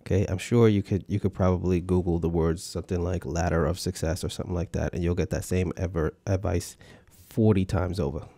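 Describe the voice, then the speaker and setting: A man's voice: low-pitched, steady tone, brisk, few pauses, warm tone, no echo. A man hosting a podcast, swearing a lot and sarcastically mocking a video clip. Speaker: podcast host. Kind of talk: profane comedic commentary.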